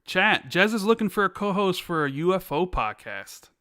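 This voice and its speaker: A man's voice: high voice, sing-song, normal speed, sharp tone, dry recording, clean studio sound. A man hosting a podcast, casual and joking, teasing his co-host. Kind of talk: casual chat.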